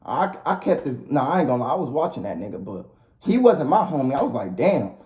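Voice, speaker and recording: A man's voice: medium pitch, very animated, fast talker, darkish tone. A man ranting casually as a vlogger, blunt and profane, with lots of repetition. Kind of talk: casual rant to the camera. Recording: roomy echo.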